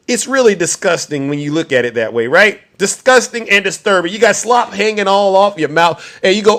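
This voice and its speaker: A man giving fiery political commentary, mocking and preachy as he taunts his audience. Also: sits high.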